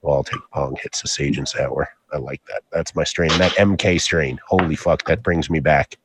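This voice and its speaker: A man co-hosting a casual chat, animated and profane, often laughing. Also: rumbling low, moderate pace, background noise.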